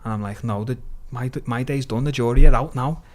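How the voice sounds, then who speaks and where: A young man with a thick Liverpool accent tells a long story to podcast hosts. His talk is animated and sweary, full of local slang, and he moves at an ordinary speaking pace in a middle pitch. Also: a little fast. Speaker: podcast guest. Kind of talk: casual storytelling chat.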